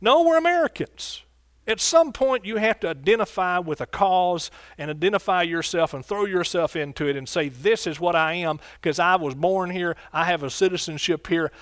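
Pastor preaching with call-and-response. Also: male voice, a little high, moderate pace, few pauses, fairly bright tone, no echo, studio quality. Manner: preacherly call-and-response, asks congregation questions. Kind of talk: sermon.

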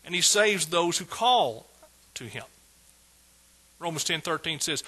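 A man delivers a sermon in a strikingly bright, husky voice pitched a little high. He talks emphatically, jumping from hushed asides into loud bursts of praise. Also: expressive, measured pace, long pauses, poor audio. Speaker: preacher.

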